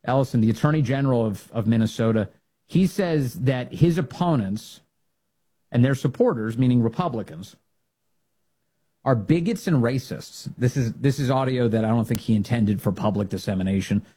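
A man's voice: lively intonation, normal speed, slightly rough. A man hosting a political talk show, delivering commentary in an emphatic, rallying way. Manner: emphatic, rallying, swings to loud high bursts.

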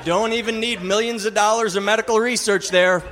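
A man performing a stand-up comedy set, mocking and animated, acting out the voices of other people. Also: sits high, a little fast, a faint crowd, slight background noise.

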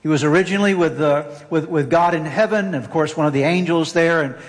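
A pastor preaching a sermon, earnest and emphatic, repeating key phrases for weight. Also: male voice, a little high, a little fast. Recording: long hall reverb.

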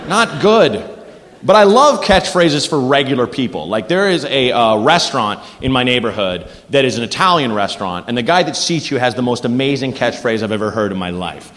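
A man doing a stand-up set on a club stage, animated and jokey. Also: mid-range voice, brisk. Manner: animated, jokey, acts out voices. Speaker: stand-up comedian. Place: comedy club stage before a live audience. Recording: live club recording with long reverb and background noise.

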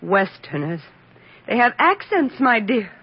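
A grand, fussy society mother drawls languidly, her husky voice swooping up and down. It is old 1940s radio play acting. The broadcast sounds dull and lo-fi. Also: on the high side, sing-song, unhurried, heavily acted.

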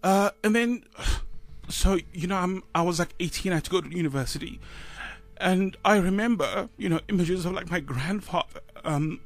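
A South African man in his thirties, a radio co-host, telling a personal story in a halting, choked-up way with sighs and fillers. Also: sits high. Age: 30s.

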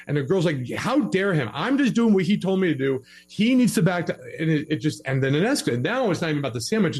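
A man talking through relationship advice in a relaxed, conversational way. He gets animated and acts out both partners in a quarrel, and his voice sits in a middling pitch. A faint mains hum sits under the recording. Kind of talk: casual podcast conversation.

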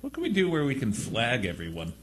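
Man, radio co-host, husky voice, brief laid-back comments. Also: medium pitch, huge pitch swings, a little fast. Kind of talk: casual talk radio banter.

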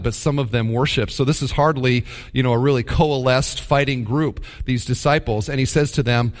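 A man preaching a sermon. He is animated and acts out the voices of the people he quotes. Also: a little high. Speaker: pastor.

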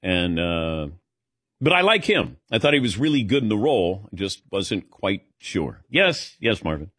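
A man hosting casual talk radio banter, telling animated stories and mimicking other people in quotes. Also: lowish voice, moderate pace, breathy edge, no echo, studio quality. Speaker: radio show host.

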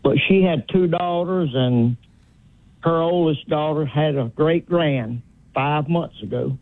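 An older man calling in to a sports radio show, polite and rambling, who calls the host "sir" and fills pauses with "uh". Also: a little high, dry recording. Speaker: caller. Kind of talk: call-in chat. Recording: tinny dry phone line.

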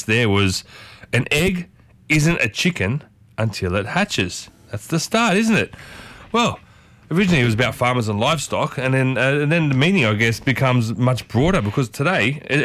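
Chatty radio host, dry studio sound. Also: male voice, mid-range voice, fairly bright tone, dry recording. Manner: chatty, rambling with restarts, playful asides. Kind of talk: casual morning radio chat. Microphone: studio microphone.

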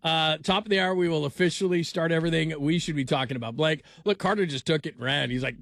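A man's voice: a little high, fast talker, few pauses, a bit bright, no echo, clean studio sound. Rambling jokey male radio host. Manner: rambling, jokey, many restarts. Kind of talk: casual talk radio chat.

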